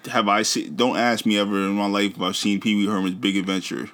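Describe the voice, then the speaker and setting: A man chats with his wife on a podcast. His voice sits a little low, and he jokes in a laid-back way. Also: flat delivery, fast talker, fairly bright tone. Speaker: podcast co-host. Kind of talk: casual chat.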